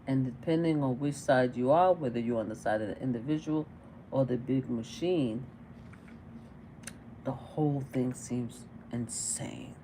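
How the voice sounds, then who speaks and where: A middle-aged woman hosts a casual reaction livestream, chatting and throwing out exasperated rhetorical questions again and again. Her voice rumbles low with a warm tone and an unhurried pace, and there's slight background noise.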